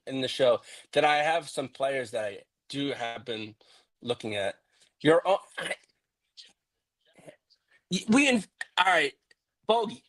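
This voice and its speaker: A man hosting a live fan show about his football team, talking through the game and breaking into a profane, shouting rant. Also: high-pitched. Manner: profane, ranting, shouting in anger.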